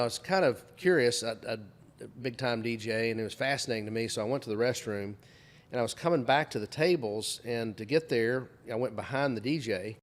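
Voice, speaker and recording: A middle-aged man tells a story in casual chat and acts out the other people's lines. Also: medium pitch. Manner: animated storyteller, acts out quoted voices. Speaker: guest.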